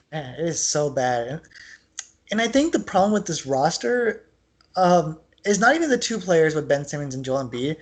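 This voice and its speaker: A man co-hosting a podcast in casual sports chat, talking in an animated, rambling way with lots of filler words. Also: on the high side, moderate pace, slightly rough. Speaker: podcast co-host.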